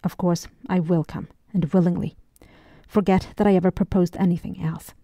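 A woman's voice: fairly low pitch, steady tone, normal speed, dark tone, no echo, clean studio sound. A woman reading the lines of a proud young male French officer in an audiobook, sounding earnest and defensive.

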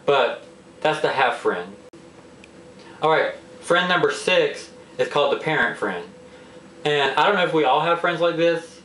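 A man's voice: fairly high pitch, recorded from a distance, slight background noise. Exasperated man ranting in a roomy echo. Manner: exasperated, animated complaining. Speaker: vlogger. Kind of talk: casual ranting monologue. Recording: roomy echo, a bit off-mic.

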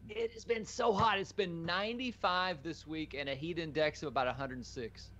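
A man's voice: on the high side, fairly even intonation, moderate pace, fairly bright tone, dull audio. A man co-hosting a casual live stream about drones, easygoing with a dry sense of humor. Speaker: co-host, drone pilot. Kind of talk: casual chat.

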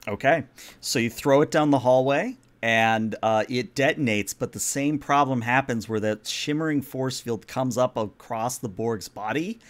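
A man's voice: mid-range voice, normal speed. Man running a tabletop game. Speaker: game master. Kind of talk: narrating a tabletop role-playing game.

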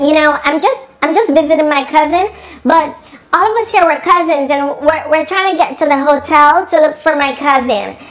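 A man's voice: very high-pitched, fairly bright tone, pitched above the performer's own voice. A man voicing a young woman friend who fakes an American accent, hesitant and rambling with many fillers.

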